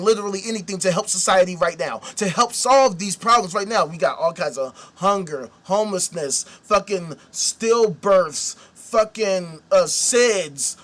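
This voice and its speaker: A man hosting a show, delivering a profane, combative rant. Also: sits high. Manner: angry ranting, shouts at times. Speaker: host. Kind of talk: ranting commentary.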